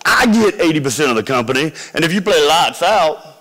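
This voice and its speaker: A man voicing a blunt, folksy older male investor who talks loud and drawling, with hall reverb around him. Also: a little high, sing-song, fairly quick, voice pushed up. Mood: smug.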